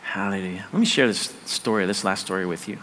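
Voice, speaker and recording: A man's voice: low voice, quick pace, fairly bright tone, long reverb tail, slight background noise. A man preaching a sermon, emphatic and repetitive, often checking that listeners follow. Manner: emphatic, repeats phrases, asks "does that make sense". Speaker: pastor.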